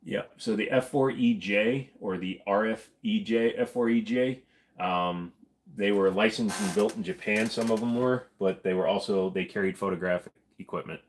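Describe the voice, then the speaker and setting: A man's voice: on the low side, normal speed, slight background noise. A man hosting a live stream, answering viewer questions in a blunt, profane, casual way.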